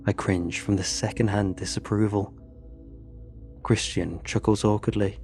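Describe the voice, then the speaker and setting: Gravelly man narrating a horror story. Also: on the low side, fairly even intonation, unhurried, darkish tone, faint music behind.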